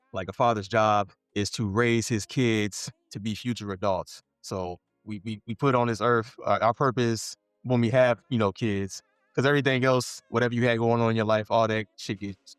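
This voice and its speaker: A man's voice: fairly low pitch, steady tone, normal speed, clear, resonant tone, no echo, studio quality, faint music behind. A man co-hosting a casual podcast chat, venting bluntly about parenting and swearing freely. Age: adult father. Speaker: podcast co-host.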